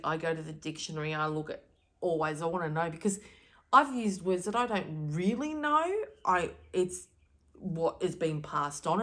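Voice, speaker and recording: Woman, low voice, earnest and emphatic, spiritual card reader speaking to camera. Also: a bit bright. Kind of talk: direct-to-camera spiritual message.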